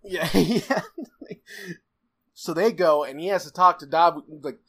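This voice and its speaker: A man's voice: fairly high pitch, measured pace, pauses often, a bit bright. A man co-hosting a casual podcast, swearing freely, laughing often and acting out characters' lines as he recaps a show.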